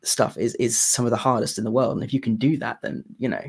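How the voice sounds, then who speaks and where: Quick husky british guy in his 30s, chatty live chat host, lots of restarts. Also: mid-range voice, fairly even intonation. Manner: chatty, repeats words while finding his point. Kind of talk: casual chat.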